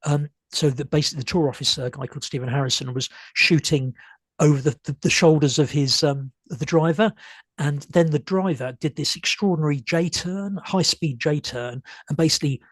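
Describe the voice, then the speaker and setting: Husky man giving a hesitant talk. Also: fairly high pitch, brisk, a bit bright, no room sound. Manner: hesitant, many ums and restarts. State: losing his voice. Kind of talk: illustrated history talk.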